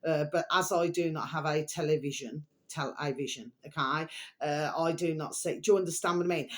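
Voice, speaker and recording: A woman's voice: low voice, a little fast. A woman ranting to her viewers in a vlog, swearing heavily and rambling with constant fillers. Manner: swears heavily, keeps calling viewers her delicious little babies; rambling, filler-laden, repeats "okay" and "there we are". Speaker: video blogger.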